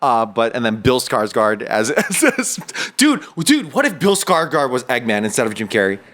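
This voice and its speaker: A man's voice: medium pitch, sing-song, normal speed, a bit bright. A man co-hosting a comic review podcast in casual chat, rambling and trailing off. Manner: hesitant, rambling, lots of restarts. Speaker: podcast co-host.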